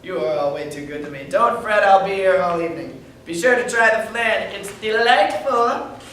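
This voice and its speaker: A man playing a brash, crude young comedian cracking jokes with a high, bright voice. The sound comes from far off in a very echoey room. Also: lively intonation, moderate pace, a little hiss or hum. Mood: cocky, joking. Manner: wisecracking, crude joke delivery. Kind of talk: stage acting in a reading.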